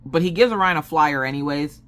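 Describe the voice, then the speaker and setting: A woman's voice: low voice, fairly quick, fairly bright tone. A woman craft vlogger in a casual chat, telling a rambling story with many fillers and restarts.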